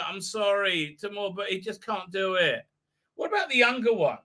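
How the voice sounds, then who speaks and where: A man's voice: high-pitched, expressive, normal speed, bright, forceful tone. A man hosting a live stream, rambling through a show in a mocking tone and slipping into silly voices. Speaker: show host.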